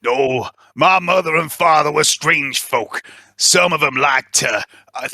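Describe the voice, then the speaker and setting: A man's voice: a little high, a little slow, gravelly, sharp tone, no room sound, studio quality, full character voice. A man voicing a brash, bawdy male adventurer with a put-on Southern drawl. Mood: cheeky.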